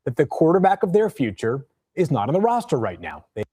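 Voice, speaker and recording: A man speaking as a sports pundit in a broadcast analysis clip, with measured analyst delivery. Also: a little high, huge pitch swings, dark tone, husky.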